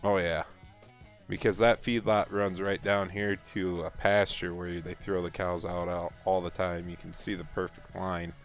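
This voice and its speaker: A man's voice: low-pitched, moderate pace, faint music behind. A man chatting casually and teasing viewers while streaming a farming game. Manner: relaxed, chatty, teasing chat. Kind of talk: casual gameplay livestream chat.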